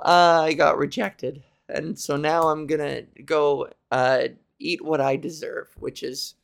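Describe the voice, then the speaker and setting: A woman hosting her own podcast in a rambling, self-deprecating monologue, with a scratchy, slightly sore voice and plenty of swearing. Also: gravelly. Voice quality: scratchy low voice. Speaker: podcast host. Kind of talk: casual solo monologue.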